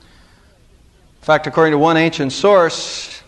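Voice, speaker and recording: Speaking slowly, a middle-aged pastor with a strikingly high voice gives an earnest, dramatic sermon from the pulpit. His pitch climbs sharply when he wants emphasis and then sinks to a low, hushed register.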